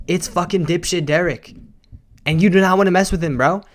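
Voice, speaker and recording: A man's voice: high voice, brisk. A young adult man streaming a casual recap of a series, talking in loose slang and rambling with lots of "bro" and "guys.".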